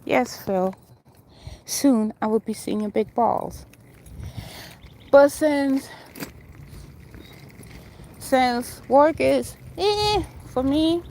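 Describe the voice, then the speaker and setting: A woman's voice: on the high side, a little hiss or hum. A middle-aged woman hosting a rambling livestream outdoors, chatting to viewers by name and jumping between opinions as she walks city streets. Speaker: livestream host. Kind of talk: rambling livestream chat while walking.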